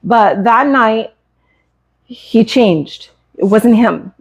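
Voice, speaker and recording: A woman in her fifties from the United States, a cat breeder on a live stream, telling a hard personal story in a halting, earnest, emotional way. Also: a little high, husky, dull audio. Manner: halting and earnest, with many hesitations. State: emotional, close to tears.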